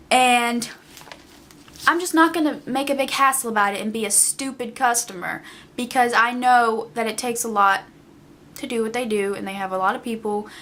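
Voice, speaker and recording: Exasperated young woman with a high voice. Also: a bit bright. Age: young adult. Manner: exasperated, emphatic, repeats herself for effect. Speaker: vlogger. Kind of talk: casual ranting monologue.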